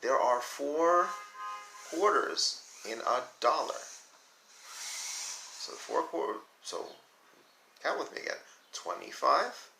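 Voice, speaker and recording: A male teacher giving a recorded lesson for young children, patiently counting aloud slowly with his pupils. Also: on the high side, expressive, pushed and bright, echoey room, a little hiss or hum, low-quality recording.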